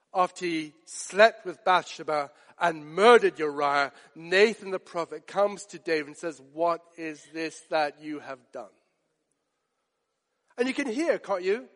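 A man preaching a sermon, dramatic, drawing out quoted lines slowly and softly for emphasis. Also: high voice, big-room sound.

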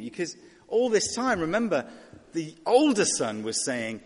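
A man's voice: on the high side, big pitch swings, moderate pace, in a large hall. A man preaching a sermon in a conversational way, asking rhetorical questions and voicing characters.

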